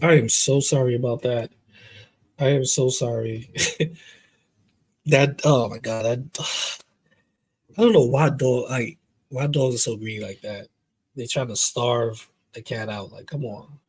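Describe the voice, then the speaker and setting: A man's voice: medium pitch, a little mellow, slightly rough. A man giving casual drama commentary, chatting straight to his viewers and reading documents aloud. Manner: chatty, addresses viewers directly; laid-back, reads documents aloud.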